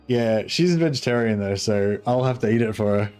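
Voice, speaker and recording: A man's voice: on the low side, expressive, moderate pace, darkish tone, clean tone, soft background music. Chatty man streaming a game. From Australia. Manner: rambling, chuckling, reads chat aloud. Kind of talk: casual live-stream chat.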